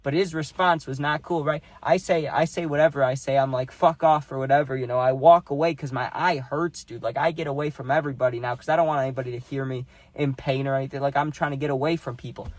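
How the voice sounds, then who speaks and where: A young man telling a personal story in a casual, animated way, full of "like" and "dude". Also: mid-range voice, fast, few pauses, no echo. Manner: animated, heavy use of "dude" and "like".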